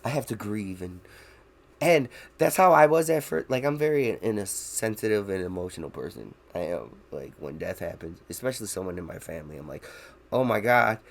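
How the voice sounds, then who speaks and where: Gravelly, low-voiced man laughing through casual chat. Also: lively intonation, brisk. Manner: rambling, laughs often, swears freely. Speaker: podcast co-host.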